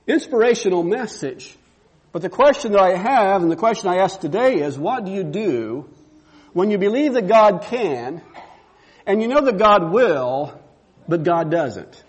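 A man's voice: sits high, big pitch swings, a little slow. A man pastor preaching a sermon, repeating emphatic rhetorical questions.

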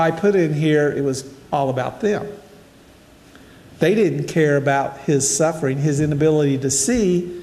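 A man's voice: a little high, dark tone, a little hiss or hum. Older man preaching in echoey hall. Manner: conversational, storytelling, addresses listeners directly. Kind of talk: casual sermon with Bible reading.

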